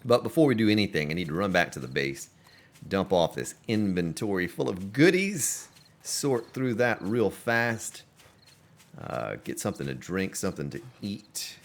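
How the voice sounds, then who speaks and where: A man's voice: deep voice, big pitch swings, normal speed. A man commentating his own gameplay on a live stream, chatting along and greeting viewers by name. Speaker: game streamer.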